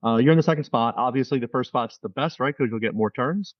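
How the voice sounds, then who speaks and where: Fast-talking joking man with a South Jersey accent. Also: mid-range voice, no echo, muffled recording. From South Jersey, USA. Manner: quick, joking, profane banter. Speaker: podcast host. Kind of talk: casual podcast chat.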